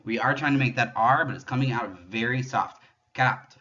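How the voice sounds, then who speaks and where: A man giving a patient pronunciation lesson, explaining French sounds step by step and demonstrating them slowly. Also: mid-range voice, bright, forceful tone, highs cut off. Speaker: French teacher.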